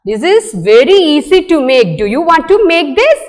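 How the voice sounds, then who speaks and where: Woman teacher, high animated sing-song voice, slow and coaxing, echoing hall sound. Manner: sing-song, coaxing, answers own questions. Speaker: kindergarten teacher. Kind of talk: online lesson for young children.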